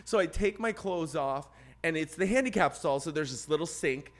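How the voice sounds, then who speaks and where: A man with a voice on the high side speaks at a normal speed while co-hosting a podcast. In casual conversation he tells a long story about himself, acts out the others involved in an animated way, and turns loud at the climax.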